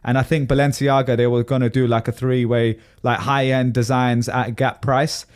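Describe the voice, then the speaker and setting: A man's voice: mid-range voice, level tone, moderate pace, clean tone. A man co-hosting a podcast in casual chat, talking at length and laughing easily. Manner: chatty and rambling, laughs easily. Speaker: podcast co-host.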